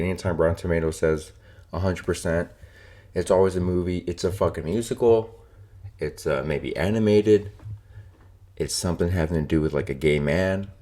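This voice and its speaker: Very deep-voiced man ranting profanely. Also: darkish tone. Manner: profane, opinionated, rambling with many fillers. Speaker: podcast host. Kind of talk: casual solo podcast rant.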